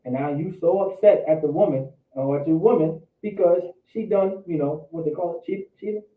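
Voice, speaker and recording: A man's voice: on the high side, fairly quick. Slangy preaching man in an echoey room. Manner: loose slangy preaching, repeats words. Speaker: Bible class teacher. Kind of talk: preaching Bible study. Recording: echoey room, distant phone-like mic.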